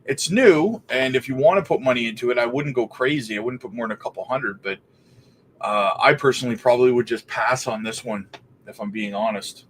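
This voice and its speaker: A man's voice: medium pitch, fairly quick, slight background noise. A Canadian man hosting a casual crypto livestream, reading out viewer questions and thinking aloud as he looks things up. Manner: relaxed, thinks aloud while looking things up.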